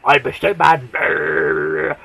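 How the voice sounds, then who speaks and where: A man voicing a mocking, burbling man-eating snowman monster, a bit lower than his own voice. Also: steady tone, slow, creaky, pushed and bright, breathy edge, exaggerated voice. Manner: mocking, burbling nonsense sounds.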